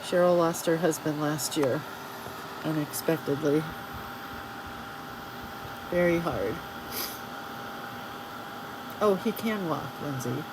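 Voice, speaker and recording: A middle-aged woman hosting a casual crafting livestream, chatting as she works and reading viewer comments aloud with warm sympathy. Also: low voice, takes it slowly, long pauses, noisy background.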